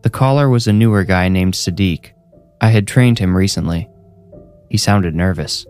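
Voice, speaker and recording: A man's voice: low-pitched, moderate pace, darkish tone. A man narrating a first-person horror story in a dry, matter-of-fact way. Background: faint music.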